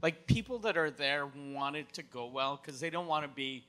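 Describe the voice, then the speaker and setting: A man co-hosting a podcast in casual chat, joking and teasing his friend with quick reactions. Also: a little high, sharp tone. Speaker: podcast co-host.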